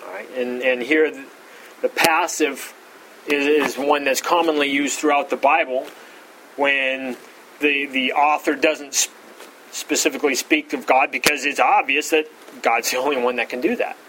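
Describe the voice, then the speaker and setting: A pastor giving an expository Bible teaching, repeating words and saying "all right" often, rising in pitch to stress key points. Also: male voice, steady tone, moderate pace, pushed and bright, a little hiss or hum, poor audio. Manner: rises in pitch for emphasis.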